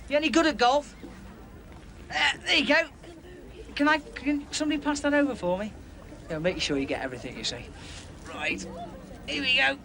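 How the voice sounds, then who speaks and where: A high-pitched man rattles along at a breakneck pace, chatting eagerly with kids. He talks outdoors on a beach, full of quick questions and asides. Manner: excitable, fast, chatty with children. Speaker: outside broadcast presenter. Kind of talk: lively live interviews on a beach.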